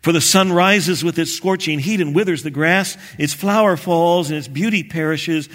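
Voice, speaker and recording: A male pastor preaching a sermon in an animated way, acting out prayers and chuckling at his own jokes. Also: on the high side.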